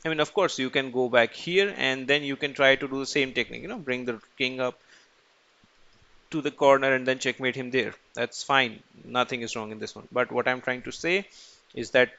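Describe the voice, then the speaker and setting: A man's voice: mid-range voice, fairly even intonation, moderate pace, vocal fry, pushed and bright, muffled recording. A man teaching chess in a casual screen-recorded tutorial, asking and answering his own questions as he goes.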